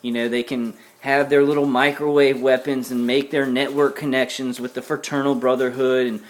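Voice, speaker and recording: A man's voice: medium pitch, little pitch movement, moderate pace, hardly any pauses. A worn-out man ranting angrily to camera in a vlog, repeating himself and cussing. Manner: agitated, repetitive, cussing, ranting. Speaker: vlogger. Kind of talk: angry personal rant to camera.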